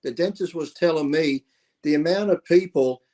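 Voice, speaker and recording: Slightly high-pitched man chatting. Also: normal speed. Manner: relaxed, chatty, says 'reckon' and 'and shit'. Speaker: co-host. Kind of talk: casual chat.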